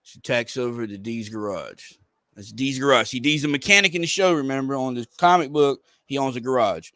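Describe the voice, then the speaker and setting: A man's voice: mid-range voice, brisk, fairly bright tone, dry recording. A man hosting a livestream, reading a comic aloud and rambling through casual commentary for viewers. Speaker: livestream host.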